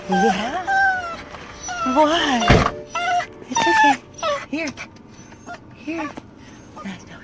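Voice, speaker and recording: Her voice sits at medium pitch against a noisy background as she documents a dog rescue for viewers. She alternates between baby talk for the old dog and sincere remarks to the camera, first by a car outdoors and then inside the car, in a casual vlog.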